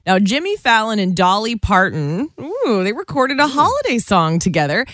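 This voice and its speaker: A woman's voice: on the high side, big pitch swings, fairly bright tone, dry recording. Woman co-hosting morning radio, bubbly and chatty, close dry studio mic. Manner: bubbly, chatty, quick to laugh. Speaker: radio show co-host. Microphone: studio microphone.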